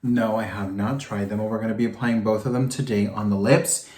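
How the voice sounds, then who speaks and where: A man vlogging while doing his makeup, chatting in a campy, animated way with big swoops in pitch and frequent "girl" and "honey.". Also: brisk. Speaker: makeup vlogger demonstrating products. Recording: echoey room.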